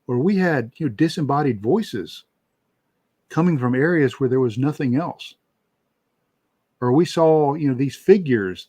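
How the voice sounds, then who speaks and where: Male guest, mid pitch, relaxed rambling delivery with lots of "you know", dry close mic. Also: dry recording. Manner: relaxed, rambling, many fillers. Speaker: paranormal researcher guest. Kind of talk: casual interview talk.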